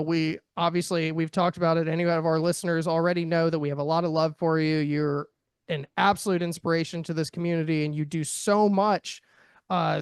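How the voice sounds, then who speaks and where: A man hosting a casual podcast interview, chatty and quick to laugh, with loose, filler-heavy phrasing. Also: a little high, clean tone, no echo, studio quality. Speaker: podcast host.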